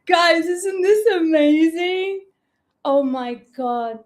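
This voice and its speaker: Woman, high voice, bubbly and effusive, live-streamed class, home kitchen, webcam mic. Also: expressive, unhurried. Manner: bubbly and effusive, gushing, laughs often. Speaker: online coach teaching a live class.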